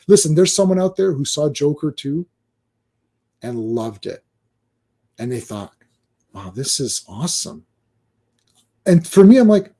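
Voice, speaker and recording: A man on a casual podcast, talking in a warm, mellow tone with a fairly high pitch. He is animated and rambling, and he slips into mocking voices to act out other people's complaints. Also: slightly rough. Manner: animated, mimics fans in mocking quoted voices. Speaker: podcast co-host. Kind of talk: casual chat.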